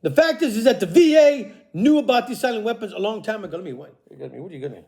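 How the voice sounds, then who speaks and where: A man delivering an angry, profane, accusatory monologue, swinging between shouting and low muttering, tagging lines with "okay?" and "all right?". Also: animated, fast. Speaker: vlogger.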